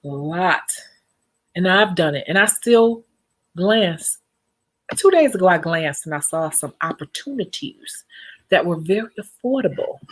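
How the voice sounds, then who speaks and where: A young nail technician chats casually and animatedly with her viewers in a vlog, laughing often. Her voice sits lowish, with lively intonation and a moderate pace.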